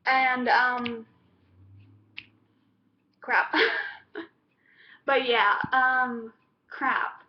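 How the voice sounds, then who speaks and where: A woman with a high voice chats her way through an episode review, looping back with fillers and half-finished restarts. The recording is dull and lo-fi. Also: flat delivery, very slow, long pauses. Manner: rambling, with many fillers and restarts. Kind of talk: casual chat.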